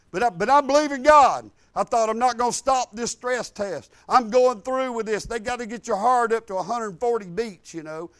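An older man preaching a sermon, telling a funny personal story in a folksy, humorous way with low asides. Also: moderate pace, few pauses, fairly bright tone, clear, resonant tone, no echo.

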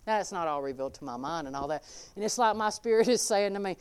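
A woman preaching a sermon in a folksy, emphatic way, swinging between loud exclaiming and quiet asides. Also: lowish voice, animated, fast talker, clean tone.

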